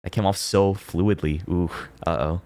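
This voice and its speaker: Deep and a little mellow, his voice stays fairly even and unhurried in a dry recording. The young man is a VTuber at home on a close desk mic, casually chatting with viewers while reading confessions, wandering off topic, laughing and swearing.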